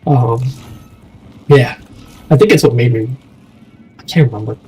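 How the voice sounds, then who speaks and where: A man's voice: medium pitch, measured pace, darkish tone, faint music behind, poor audio. A young man in casual chat, rambling and swearing, often trailing off mid-thought. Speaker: streamer.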